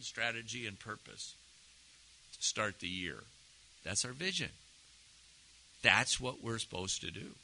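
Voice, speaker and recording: A man's voice: on the high side, pushed and bright, rough recording. A middle-aged man, a pastor preaching a conversational sermon full of questions to his congregation.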